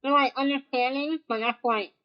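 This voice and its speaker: A deaf woman chats in a high, lively voice, acting out the voices of the people she talks to. Her speech carries a deaf accent. The recording sounds a little dull and lo-fi. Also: moderate pace. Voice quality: deaf speech, uses hearing aid. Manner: animated, laughs often, acts out quotes. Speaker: guest streamer. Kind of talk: casual chat.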